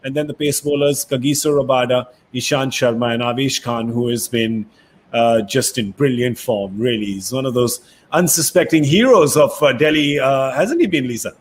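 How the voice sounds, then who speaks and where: A man hosting a cricket talk show in a lively, joking way. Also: medium pitch, moderate pace, slight background noise. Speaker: host.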